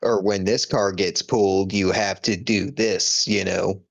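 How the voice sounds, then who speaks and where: A man's voice: low-pitched, fairly even intonation, measured pace, gravelly. A man co-hosting a podcast, chatting in a laid-back, self-deprecating way and swearing now and then. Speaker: podcast co-host. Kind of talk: casual storytelling chat.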